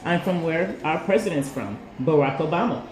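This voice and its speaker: A man from Chicago talking warmly and effusively to a school class while visiting. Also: on the high side, lively intonation, moderate pace, background noise. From Chicago, USA. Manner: warm, effusive praise. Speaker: visiting tourist. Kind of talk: casual talk to a class. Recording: roomy classroom with loud music over it.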